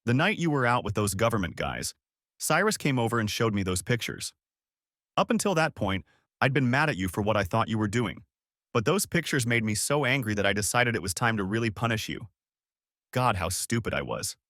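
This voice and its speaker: A remorseful young wife pleads and apologizes in earnest, as a man puts her on. The voice sits fairly low and sounds dry and close, with no room around it. It is a storybook reading, not a staged drama. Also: sing-song, a little fast, a bit bright, no room sound. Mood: pleading.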